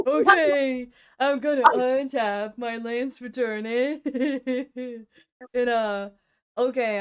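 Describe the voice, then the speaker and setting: A woman voicing a stoned, lower-pitched goblin who tags a drawled "eh?" onto her lines. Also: clear, resonant tone.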